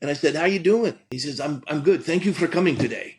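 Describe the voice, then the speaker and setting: A middle-aged pastor with a slightly high voice talks at a quick pace on a low-quality recording. His personal story comes out earnest and conversational, broken by frequent restarts and stammered repeats.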